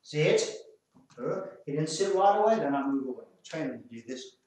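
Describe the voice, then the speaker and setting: High-voiced Australian man, echoey and distant. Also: lively intonation, moderate pace, darkish tone. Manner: instructive, gives firm short commands to dogs. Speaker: dog trainer. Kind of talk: hands-on training demonstration. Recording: very echoey, far from the mic.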